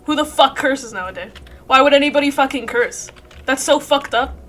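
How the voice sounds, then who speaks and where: Woman streamer, rambling casual chat, bright tone, laughs and swears often. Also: high-pitched, moderate pace. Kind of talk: casual chat while playing a game.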